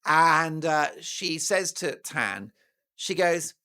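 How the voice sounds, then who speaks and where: A man's voice: a little high, expressive, drawn-out words, sharp tone, clean tone. A man giving scornful, indignant commentary in a theatrical manner. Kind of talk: opinionated commentary.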